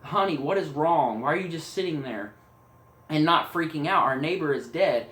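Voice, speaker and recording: A man's voice: on the high side, normal speed, fairly bright tone, reverberant, close to an everyday voice. A man quoting a flustered mother in his own plain voice during a horror story retelling. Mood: worried. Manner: plain quoted speech in a storyteller's voice. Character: worried middle-aged mother, flustered.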